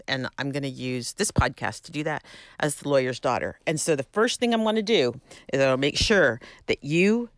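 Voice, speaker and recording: A woman's voice: on the low side, dry recording. A middle-aged woman hosting her own podcast, talking in a chatty, self-deprecating, rambling way with many restarts. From California. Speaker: podcast host. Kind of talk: casual solo podcast monologue.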